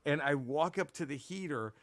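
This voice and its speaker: A man co-hosting a podcast, telling a long story in a casual, profane, rambling way and going hushed at the tense parts. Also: fairly high pitch, normal speed, no echo. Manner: profane, rambling, animated retelling with restarts. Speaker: podcast co-host.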